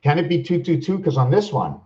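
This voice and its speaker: A man hosting a rambling vlog monologue, musing aloud with rhetorical questions and slowly counting out numbers, at times loud and worked up. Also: on the high side, big pitch swings, husky, lo-fi sound. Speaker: channel host.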